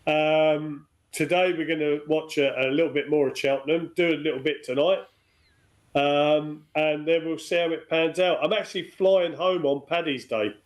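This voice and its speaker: A middle-aged man, chatting as a pundit in a relaxed, easygoing way. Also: on the high side, normal speed. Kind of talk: casual chat.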